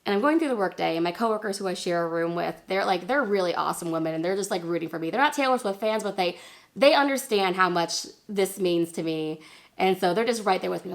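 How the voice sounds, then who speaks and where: A young woman telling a story in a casual vlog, chatty and animated, laughing at herself and jumping into a high squeal when she acts out what people said. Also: fast talker, creaky. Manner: chatty, many fillers and self-deprecating laughs. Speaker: vlogger.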